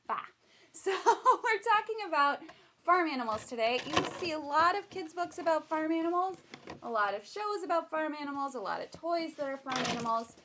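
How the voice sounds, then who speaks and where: A woman's voice: sits high, animated, fairly quick, background noise. A woman educator leading a baby storytime at home, talking playfully to caregivers and her toddler. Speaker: children's museum educator.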